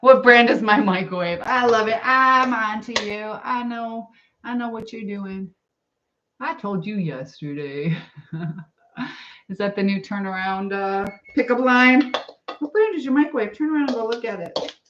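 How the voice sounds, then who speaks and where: A woman's voice: fairly high pitch, unhurried, a bit bright. Woman, chatty livestream cook, home kitchen, slightly dull sound, faint hiss. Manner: chatty, rambling, greets viewers, laughs often. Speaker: cooking livestream host. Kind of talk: casual chat while cooking.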